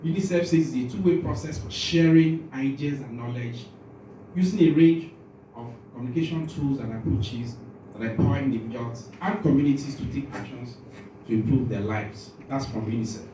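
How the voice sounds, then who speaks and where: Male trainer, dark mellow tone, miked from across an echoey hall. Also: mid-range voice, normal speed, a little hiss or hum. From Nigeria. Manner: asks the room questions, jokes, self-interrupting. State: nervous, voice shaking. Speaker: workshop trainer. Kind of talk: lecturing a training workshop. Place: large conference room. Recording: echoey room from far off.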